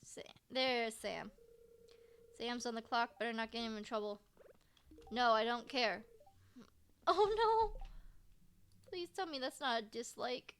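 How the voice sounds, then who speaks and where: A woman's voice: on the high side, little pitch movement, a little slow, fairly bright tone, clean tone. A woman streaming a farming game, chatting casually and joking as she plays. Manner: chatty, reads character lines aloud, jokey. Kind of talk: casual gameplay commentary. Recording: faint music behind.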